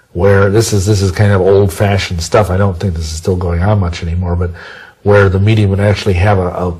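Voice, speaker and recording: A man with a low, husky voice answers interview questions at length. He rambles, restarts his sentences and throws in folksy sayings as he goes. His talk stays loose and conversational throughout. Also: a little mellow, poor audio. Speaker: interview guest.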